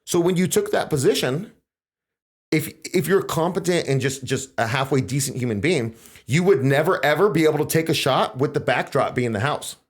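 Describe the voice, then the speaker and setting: A man hosting a podcast, telling events in a casual, animated way and acting out quotes in a raised voice. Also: a little high, moderate pace, breathy edge. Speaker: podcast host. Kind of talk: casual conversational storytelling.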